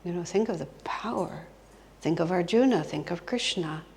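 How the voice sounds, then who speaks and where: A woman's voice: lowish voice, normal speed, a little mellow. A woman giving a spiritual talk as a guest teacher, telling stories expressively and dropping to a whisper for emphasis. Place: retreat hall. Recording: long hall reverb.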